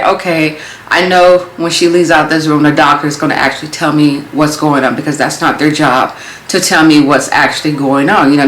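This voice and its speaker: A young adult woman telling a story in a casual vlog, animated and acting out her own thoughts as she goes. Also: on the low side, a little hiss or hum. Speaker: vlogger. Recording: roomy echo.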